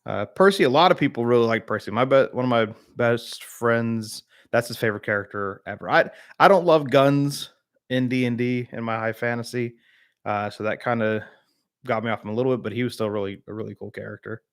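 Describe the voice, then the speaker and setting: Talking briskly at medium pitch, a Southern American man runs a laid-back live stream. He rambles, leans on fillers, and responds to his viewers by name.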